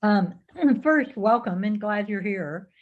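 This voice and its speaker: A woman's voice: medium pitch, expressive, slow pace, phone-quality sound. A woman hosting a roundtable call, speaking casually and encouragingly, laughing easily. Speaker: host of the roundtable calls.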